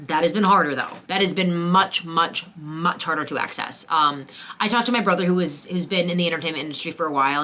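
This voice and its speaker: A woman's voice: fairly low pitch, bright, forceful tone. A young adult woman actor chatting casually to camera, bubbly and enthusiastic. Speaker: actor and vlogger.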